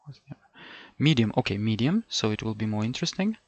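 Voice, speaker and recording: Middle-aged guy from ukraine coaching test prep, gravelly voice, dry close sound, keeps repeating himself. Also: on the low side, big pitch swings, brisk, dry recording, highs cut off. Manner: rambling, repeats words, many fillers and self-corrections. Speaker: language test tutor. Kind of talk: thinking-aloud lesson over a screen.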